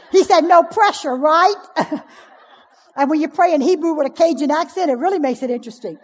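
High-voiced woman preaching in a hall. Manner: humorous, storytelling, lively preaching. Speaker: pastor's wife speaking at a ladies' event. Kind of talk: sermon. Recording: long hall reverb.

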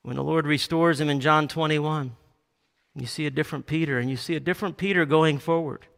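A male pastor preaching a sermon, animated, acting out quoted Bible lines with a raised voice. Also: a little high, a little fast, gravelly. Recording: long hall reverb.

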